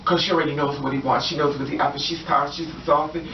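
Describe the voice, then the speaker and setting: A woman's voice: low-pitched, steady tone, fast. Earnest woman, far from the mic. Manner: earnest and emphatic, with repeated phrases. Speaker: storyteller. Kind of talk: impassioned spoken monologue. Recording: distant echoey dull noisy recording.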